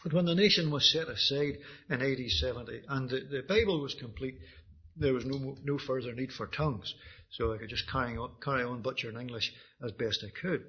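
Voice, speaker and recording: A man's voice: mid-range voice, a little fast, breathy edge. A man with a Northern Irish accent giving his personal testimony as a sermon, earnest and often restarting his words. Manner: earnest, with frequent restarts and repetitions. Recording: dull lo-fi recording.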